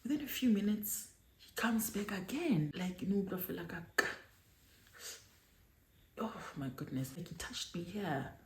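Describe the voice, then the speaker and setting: A woman's voice: medium pitch, unhurried, pauses often. A young South African woman with a South African accent telling a dramatic story in a storytime vlog, switching between languages as she goes. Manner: animated, dramatic retelling with code-switching. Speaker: YouTuber. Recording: echoey room with faint noise.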